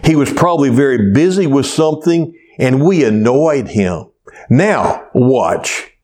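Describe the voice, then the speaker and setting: Patient, wry father figure, slow and calm, voiced by a male preacher. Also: mid-range voice, natural voice. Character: calm, wry father teaching his daughter.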